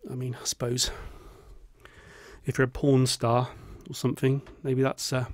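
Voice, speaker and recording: A man rambling jokily through a casual vlog while feeling ill, often dropping into a low mutter. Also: monotone, moderate pace, dry recording. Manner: rambling, jokey, drops into a low mutter on a catchphrase. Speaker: vlogger.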